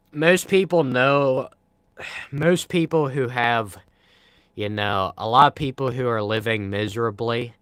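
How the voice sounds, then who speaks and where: A man's voice: on the low side, a bit bright, clean tone, no echo. A young man live streaming, chatting casually and answering viewer comments in a laid-back, rambling way with frequent sighs.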